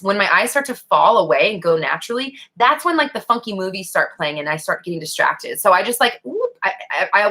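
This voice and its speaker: A young woman hosting a casual live question-and-answer chat, animated and blunt, swearing freely as she answers viewers. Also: fairly low pitch.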